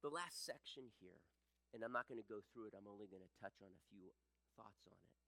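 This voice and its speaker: A man preaching a sermon as pastor, building up to loud emphatic passages and dropping to hushed, soft lines, often repeating words. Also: on the low side, fairly quick, dry recording, low-quality recording. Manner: impassioned, swings between loud emphasis and hushed softness.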